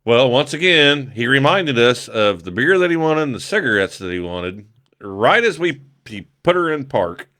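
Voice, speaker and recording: A man's voice: mid-range voice, sing-song, moderate pace, bright, forceful tone. A man on a podcast telling a rambling story, laughing often and swearing freely. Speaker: podcast guest. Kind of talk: casual storytelling.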